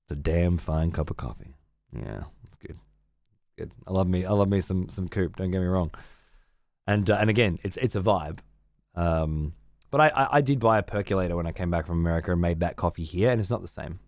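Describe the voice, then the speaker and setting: A man's voice: low voice, brisk, darkish tone, dry recording. Laid-back, profane man. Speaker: game streamer. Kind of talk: casual stream chat.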